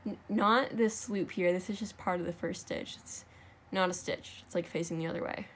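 A woman's voice: lowish voice, steady tone, normal speed, a little hiss or hum. A young woman at home giving a casual, step-by-step craft tutorial, chatty and correcting herself as she works. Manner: chatty, self-correcting, talks while working. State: out of breath.

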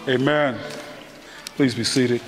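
A man's voice: medium pitch, fairly even intonation, takes it slowly, over music. A male pastor giving an informal sermon in a church, talking conversationally, asking the congregation questions and growing more emphatic. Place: church sanctuary. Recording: echoey church hall, faint background hiss.

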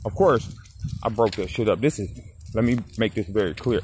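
A man in his forties telling a story in a casual vlog, animated and swearing as he talks straight to the viewer. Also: fairly low pitch, moderate pace, a little hiss or hum. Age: 40s. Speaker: dog breeder. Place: outdoors walking a dog.

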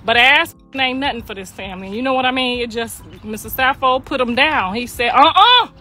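A middle-aged mother telling a long family story in a casual, laughing way, slipping in quick acted-out voices. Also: a little high, faint music behind. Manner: animated, laughing, slangy, acts out voices.

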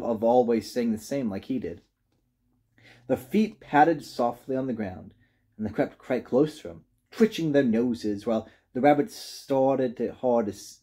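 A man reading a children's storybook aloud with gentle, expressive narration. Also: medium pitch, husky. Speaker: reader.

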